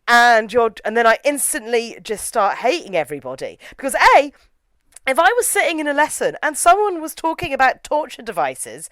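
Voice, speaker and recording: A young woman reviewing a horror film in casual chat, animated and opinionated with quick asides. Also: sits high, dry recording. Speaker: film reviewer, podcast co-host.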